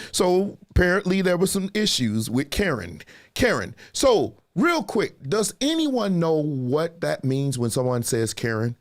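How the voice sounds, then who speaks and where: A man hosting a live discussion show, chatting casually and reading out viewer comments as he quizzes his audience. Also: fairly high pitch. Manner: animated, conversational, quizzing the audience. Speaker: livestream show host.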